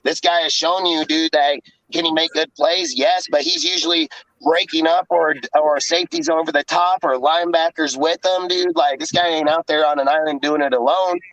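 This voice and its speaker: Man, swearing rant, fairly high voice, dull lo-fi audio, dry. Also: steady tone, moderate pace, a bit bright, no room sound. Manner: profane, ranting, exasperated. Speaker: podcast co-host. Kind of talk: heated casual sports talk.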